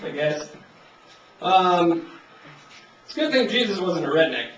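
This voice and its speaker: A man's voice: sits high, lively intonation, a little slow, very noisy. A young man doing a stand-up comedy set, rambling in a laid-back way and acting out characters in raised voices. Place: comedy club stage. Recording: distant, roomy, muffled amateur club recording. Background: audience laughter.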